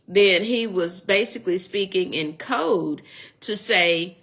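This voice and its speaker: A woman's voice: medium pitch, lively intonation, slow pace, fairly bright tone, slightly rough. A middle-aged woman teaching a casual Sunday school Bible lesson, chatty and digressive, joking and restarting her sentences.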